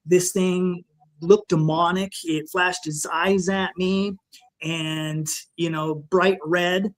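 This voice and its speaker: A man guest on a podcast, recounting a frightening personal encounter in a halting, emotional way, full of restarts and "you know". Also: high-pitched, little pitch movement. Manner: shaken, emotional retelling.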